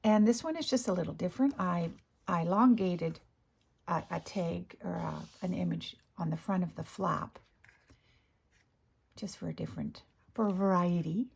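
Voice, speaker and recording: A woman with a hoarse morning voice, chatting casually as she shows her craft work, often clearing her throat and correcting herself. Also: fairly low pitch, normal speed, long pauses, a little mellow. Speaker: craft video host. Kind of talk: casual crafting show-and-tell.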